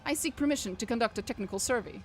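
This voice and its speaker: A woman's voice: a little high, very fast, faint music behind, lightly acted. Woman reading as a clinical male tech-priest. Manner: clinical, formal phrasing. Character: precise male machine-priest tech adept.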